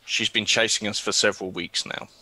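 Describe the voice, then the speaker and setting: An old alien commodore speaks with slow, gruff authority in a tabletop role-play, as a man puts him on. His voice sits low yet carries a bright, forceful edge. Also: steady tone, no room sound. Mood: grave. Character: elderly male Mon Calamari commodore, stern officer.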